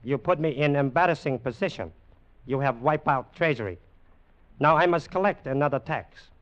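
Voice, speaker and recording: A man's voice: a little high, normal speed, lightly acted. A man playing a menacing warlord general. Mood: wry. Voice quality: clipped broken English, mock-courteous. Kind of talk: 1940s radio acting. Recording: dull lo-fi old radio broadcast.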